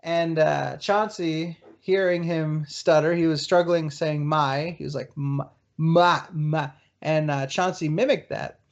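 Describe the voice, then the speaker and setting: A man's voice: fairly high pitch, fairly even intonation, measured pace, vocal fry, few pauses. A man hosting a podcast, telling crude, laugh-filled stories in casual chat over a voice call. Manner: crude, storytelling, laughs a lot. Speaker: podcast host. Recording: dull lo-fi voice call audio.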